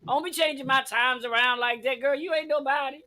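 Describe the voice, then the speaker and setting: A man's voice: very high-pitched, fairly even intonation, fast talker, a crowd in the background. A man hosting a live online talk show, camp and profane, teasing his guests sassily into a home webcam. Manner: camp, profane, teasing, heavy on "bitch" and "honey". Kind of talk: brash, sassy live chat.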